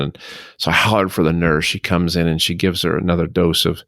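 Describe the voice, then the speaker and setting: A middle-aged man speaks low and deep as he recounts a personal loss on his podcast. He talks haltingly, restarting often, his voice full of feeling. The sound is close and dry, with no room echo. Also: level tone, vocal fry, fairly bright tone. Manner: halting, emotional, many restarts. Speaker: podcast host. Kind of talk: personal storytelling.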